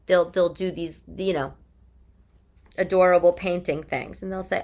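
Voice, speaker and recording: A woman's voice: fairly low pitch, moderate pace. A woman with a New York accent, a mother hosting a casual monologue from her living room, chatty and opinionated, firing off rhetorical questions. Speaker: podcast host.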